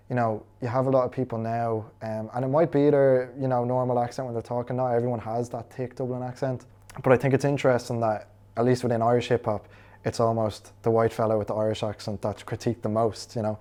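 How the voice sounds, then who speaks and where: A man in a casual interview, speaking in a measured, reflective way. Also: mid-range voice, level tone, warm tone.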